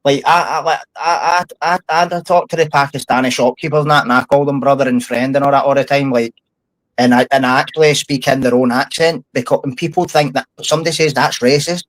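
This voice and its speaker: A man's voice: mid-range voice, fairly even intonation, quick pace, dry recording, rough recording. Blunt, swearing Scottish man. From Scotland. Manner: blunt, heated, swears often. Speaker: podcast guest, former prisoner. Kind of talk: casual podcast chat.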